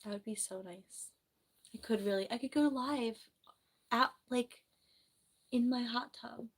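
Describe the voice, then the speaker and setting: A young woman from New Jersey, a nurse, chatting casually on a livestream from her bedroom, rambling and reading viewer comments aloud, her voice slightly hoarse from the flu. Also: on the high side, unhurried. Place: bedroom at home.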